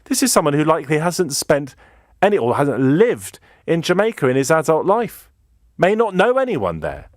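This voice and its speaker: A man's voice: fairly high pitch, sing-song, normal speed, no echo, clean studio sound. An indignant middle-aged British man with a British accent, delivering an impassioned radio monologue as host of a phone-in show. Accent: British English. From Britain. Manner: indignant, rhetorical, emphatic.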